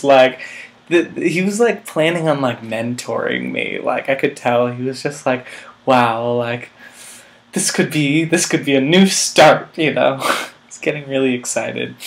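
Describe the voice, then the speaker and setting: A man's voice: medium pitch, creaky. A man in his twenties telling a rambling, self-mocking comic story, full of filler words. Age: 20s. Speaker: vlog host.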